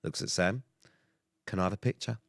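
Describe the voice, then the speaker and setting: A man's voice: low voice, fairly quick, vocal fry, a bit bright, no echo. A man, co-hosting a podcast and telling stories in a dry, sweary way. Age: 30s. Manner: sweary, dry anecdotal delivery. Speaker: podcast co-host. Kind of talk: casual storytelling chat.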